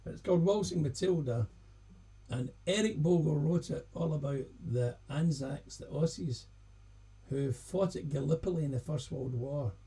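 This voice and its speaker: A Scottish singer-songwriter chatting casually on a live stream between songs, rambling and self-deprecating. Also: male voice, fairly high pitch, normal speed, mellow, slightly rough. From Scotland.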